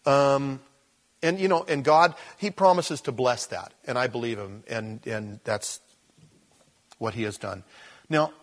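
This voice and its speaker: A man's voice: medium pitch, measured pace. A male pastor giving a conversational Bible teaching, folksy and rambling, often correcting himself as he goes.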